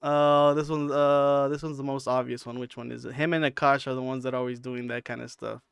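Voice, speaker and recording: A man's voice: mid-range voice, flat delivery, a little fast, vocal fry, clear, resonant tone, no echo. A man hosting a channel, talking over clips in a hesitant way with many fillers. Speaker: channel host.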